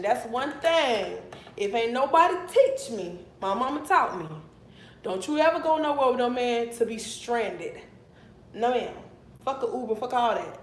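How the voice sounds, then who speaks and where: A young woman telling a storytime on a livestream, animated and blunt, swearing freely. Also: fairly high pitch, moderate pace. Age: young adult. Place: her apartment, indoors. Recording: echoey room.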